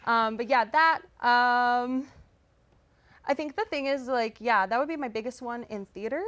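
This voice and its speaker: A woman's voice: a little high, unhurried, a bit bright. A young woman from Canada, a singer and guest on a live talk show, chatting in a bubbly way with frequent laughs and fillers.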